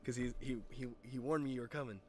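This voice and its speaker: A man doing a smooth, cocky construction worker. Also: medium pitch, steady tone, fast, darkish tone, a little hiss or hum, close to an everyday voice. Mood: smooth flirting. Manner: laid-back, slangy, cocky. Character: smooth-talking flirty male construction worker.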